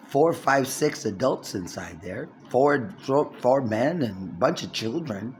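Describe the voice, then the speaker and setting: A man in his sixties talking to camera in a long rambling monologue, swinging from low mutters to loud outbursts, indoors in his apartment building. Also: lively intonation, unhurried, hardly any pauses, slight background noise. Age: 60s. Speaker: vlogger.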